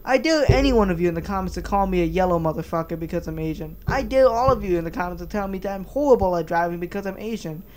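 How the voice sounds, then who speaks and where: A man's voice: high-pitched, quick pace, hardly any pauses, a little mellow. A man giving heated, crude reaction commentary, stammering through many restarts. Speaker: commentary vlogger.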